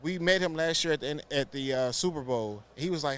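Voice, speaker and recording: A man from Houston, co-hosting a podcast and telling animated stories in casual chat. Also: on the high side, brisk, slight background noise. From Houston, Texas. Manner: animated storytelling, acts out quotes. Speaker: podcast co-host.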